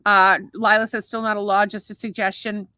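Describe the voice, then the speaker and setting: A woman's voice: mid-range voice, little pitch movement, fairly quick, sharp tone, clear, resonant tone, no echo. A woman co-hosting a casual podcast, reading out viewer comments in a playful, profane way. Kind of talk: casual chat.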